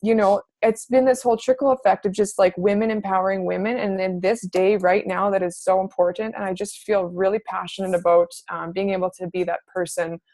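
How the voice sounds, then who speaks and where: A woman's voice: mid-range voice, steady tone, a little fast, hardly any pauses, mellow, no room sound. A woman fitness coach talking to her team on a video call, casual and gushing, full of "like". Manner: casual and gushing, says "like" often.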